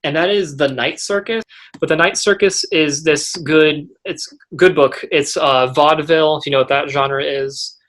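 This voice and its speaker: A teenage boy and young actor in a casual interview, rambling and halting, with frequent restarts. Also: fairly high pitch, steady tone, fairly bright tone.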